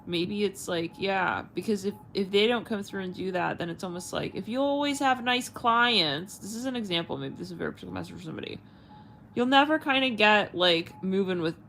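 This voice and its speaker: A woman's voice: medium pitch, a little fast, creaky, a bit bright, slight background noise, low-quality recording. A woman tarot reader and channel host chatting casually to her viewers, rambling, swearing, and searching for her words with many fillers. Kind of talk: casual livestream chat.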